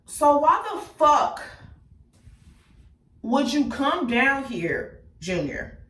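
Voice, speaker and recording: A woman telling her life story candidly and bluntly, cursing freely, talking straight to her listeners and swinging between loud outbursts and quiet asides. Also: high-pitched, sing-song, drawn-out words, distant mic. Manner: blunt and profane, addresses listeners directly. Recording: echoey room, speaker set back from the mic.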